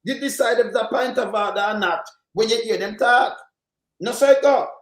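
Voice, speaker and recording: A man's voice: high voice, normal speed, fairly bright tone. A Jamaican man hosting a casual political commentary show, rambling and emphatic in heavy patois. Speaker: host. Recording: echoey room.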